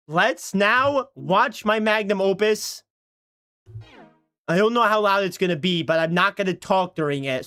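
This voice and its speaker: A man's voice: a little high, fairly bright tone. Chatty, self-mocking male streamer. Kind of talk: casual livestream chat. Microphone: desk microphone.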